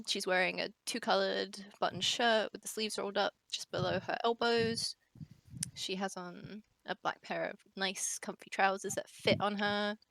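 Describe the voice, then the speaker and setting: A woman's voice: medium pitch, vocal fry, a bit bright, no room sound. A woman describing her character in a tabletop game, careful over small details. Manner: descriptive, fussy about detail. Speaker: player.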